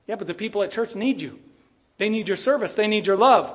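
Man, pastor, sermon, very high-pitched, impassioned, rhetorical questions. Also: fast, big-room sound. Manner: impassioned preaching with rhetorical questions, mimicking voices.

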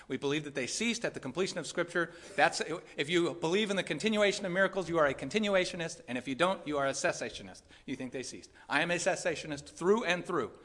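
A man's voice: on the high side, lively intonation, fast, few pauses, fairly bright tone. A male pastor preaching a conversational, emphatic sermon to his congregation, repeating his points and adding casual asides. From California.

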